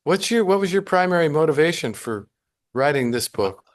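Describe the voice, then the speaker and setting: A man's voice: a little high, animated, normal speed. A man hosting a radio interview, asking his guest thoughtful questions. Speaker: radio host.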